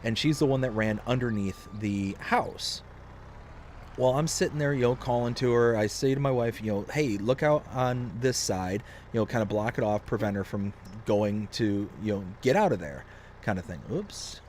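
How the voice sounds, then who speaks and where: A young man casually telling a long story on a game live stream, rambling and animated, with lots of fillers. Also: mid-range voice, moderate pace, a little hiss or hum.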